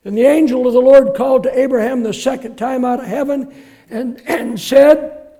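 A man preaching a sermon, reading scripture with emphasis, shouting some quotes and dropping to quiet asides for the congregation. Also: very high-pitched, fairly even intonation, moderate pace.

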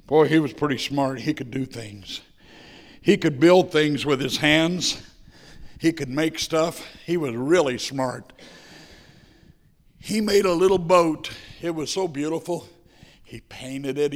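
A male preacher delivers an impassioned sermon, weaving a story into it. His mid-pitched voice drops to near hushes and then swells loud.

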